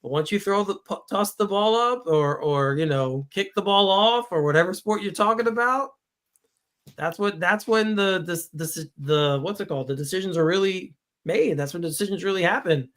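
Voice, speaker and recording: A man's voice: high voice, normal speed, fairly bright tone. A man hosting a casual sports podcast, talking in a rambling, reflective way and often correcting himself mid-sentence. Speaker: podcast host. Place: home studio on a live stream.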